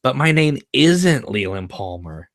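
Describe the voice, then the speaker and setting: A man's voice: mid-range voice, sing-song, measured pace, no echo, studio quality, voice pushed up. A man reading a screenplay aloud live and voicing a defensive, anxious teenage girl. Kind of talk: live screenplay read-through.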